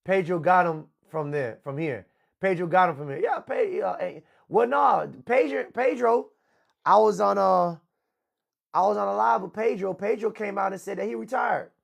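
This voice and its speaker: A man's voice: sits high, moderate pace, creaky. Een man die als presentator van een livestream een luide, grof gebekte en opschepperige tirade houdt. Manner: loud, profane, boastful rant. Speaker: host. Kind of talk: livestream talk show.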